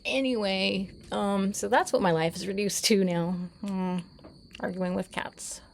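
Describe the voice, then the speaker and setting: Slow, gravelly woman chatting outdoors. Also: mid-range voice, steady tone, slight background noise. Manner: playful, chats with cats and meows at them. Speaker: vlogger. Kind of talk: casual vlog chat. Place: outdoors on her property.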